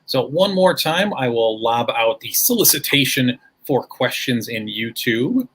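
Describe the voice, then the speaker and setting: A man's voice: mid-range voice, very animated, a little slow, fairly bright tone, breathy edge. A man hosting a school presentation livestream, taking audience questions with upbeat, formal phrasing.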